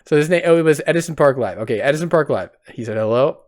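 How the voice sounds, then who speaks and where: A man's voice: on the high side, animated, fast. A man in his twenties, a streamer in his bedroom, telling a story in casual chat and laughing often. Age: 20s. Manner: giggly storytelling, laughs a lot.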